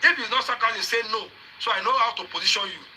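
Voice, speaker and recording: A Nigerian man hosting a live social media session, his voice high-pitched and very bright. He challenges viewers directly and repeats his pointed questions, drifting between Yoruba, pidgin and English. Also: fast, slight background noise, poor audio. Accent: Nigerian, mixing Yoruba and pidgin. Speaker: livestream host.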